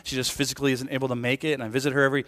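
A man's voice: medium pitch, level tone, rapid-fire, a bit bright, in a large hall. A man preaching a conversational sermon as pastor, chatty and informal, often checking in with "right?". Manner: chatty, keeps asking "right?". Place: church sanctuary.

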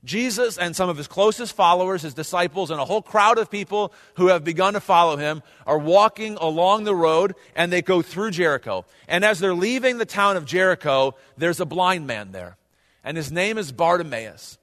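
Brief: male pastor, chatty preaching to the congregation, voice slightly higher, long hall reverb. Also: animated, moderate pace, a bit bright. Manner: conversational preaching, addresses the congregation directly. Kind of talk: sermon.

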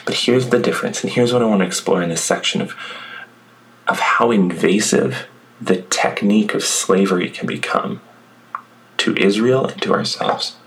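A man with a very low voice preaches a sermon. He reads scripture aloud and then talks it over in an easy, conversational way. A faint hiss of noise sits behind him. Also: moderate pace, poor audio. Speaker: pastor.

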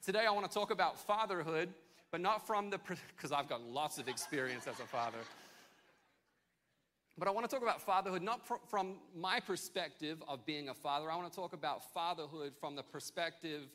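A pastor in his thirties preaches to his congregation and opens with a comic family story told against himself. His voice sits a little high and rings bright and forward. He delivers the story with animated, self-mocking energy. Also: fairly quick. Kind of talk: sermon with a personal story. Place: church service with congregation.

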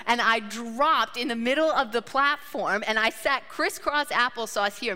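A woman in her thirties preaching a sermon, telling a personal story in an animated, conversational way and acting out her own reactions. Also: on the high side. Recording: long hall reverb.

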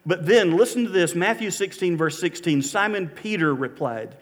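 A man's voice: high-pitched, animated, moderate pace, hardly any pauses, long reverb tail. A man preaching as a church pastor, speaking earnestly and inviting listeners, with emphatic rises when he stresses scripture. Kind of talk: sermon.

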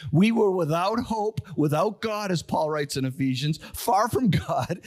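A male pastor preaching a sermon, reading scripture low and solemn, then building to urgent, rising appeals. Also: animated, unhurried. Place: church sanctuary.

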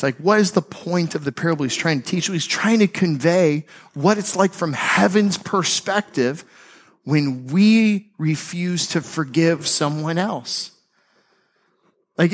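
A man preaching a sermon as a pastor, telling a Bible story in a casual, animated way with slangy asides. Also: on the high side.

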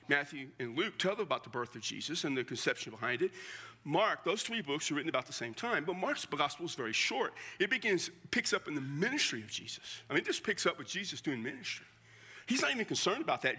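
An older man preaches with a bright, ringing voice pitched a touch high. He talks to the congregation in a conversational, emphatic way. At heavy moments he pulls back to a hush. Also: breathy edge. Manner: conversational, emphatic, drops to a hush at emotional points. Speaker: pastor. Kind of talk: sermon.

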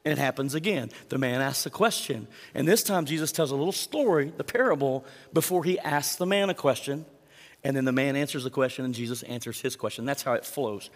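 A man's voice: medium pitch, fairly quick, in a large hall. A male pastor preaching a sermon in a conversational way, often putting direct questions to the congregation.

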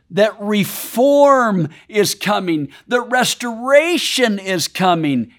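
A man preaching a sermon, paraphrasing scripture and swinging between loud emphasis and hushed drops. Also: fairly high pitch, gravelly. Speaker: pastor.

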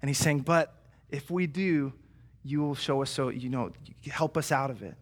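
A man's voice: medium pitch, moderate pace. A man preaching a sermon in a casual, conversational way, with frequent fillers and emphatic stretches. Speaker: pastor.

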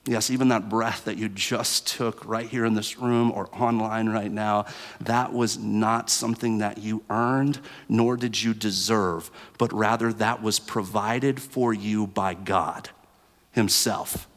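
A man preaching a sermon to a room of students, with a lively told story in it. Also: takes it slowly. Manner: animated storytelling, rising high and loud in the story. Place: church hall with students present. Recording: long hall reverb.

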